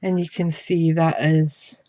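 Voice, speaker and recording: A woman talks through a craft project at her home desk at an unhurried pace. Her chat is easy and running, as if she is working with her hands the whole time. The sound is a bit dull and muffled, like a home camera recording. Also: low-pitched, level tone, mellow. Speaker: craft demonstrator. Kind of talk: crafting tutorial. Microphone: camera mic.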